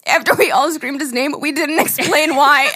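A woman's voice: high-pitched, fairly even intonation, sharp tone, dry recording, studio quality. A young woman co-hosting a podcast, telling stories in casual chat with lots of laughing and swearing. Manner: laughing, swearing, quick storytelling with acted quotes. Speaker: podcast co-host.

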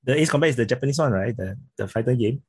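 A man with a Singaporean accent talks casually as a podcast guest, his voice somewhat husky. He often restarts and repeats words as he gets going. The sound is dry and close, with no room echo. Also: mid-range voice, animated, a little mellow. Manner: halting, repeats words when starting sentences. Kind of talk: casual interview chat.

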